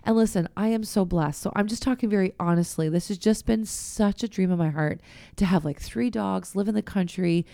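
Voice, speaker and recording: A woman's voice: mid-range voice, brisk, vocal fry, dry recording. Candid chatty middle-aged woman, dry close mic. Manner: candid, chatty, drops to a hushed voice for prayers. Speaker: podcast host. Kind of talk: faith-based casual chat.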